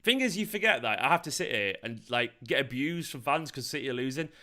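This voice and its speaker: A fast talker with a medium-pitched, expressive, sharp voice hosts a fan channel's live football watchalong. Tired and hungover, he grows frustrated, swears regularly, and argues back with his chat.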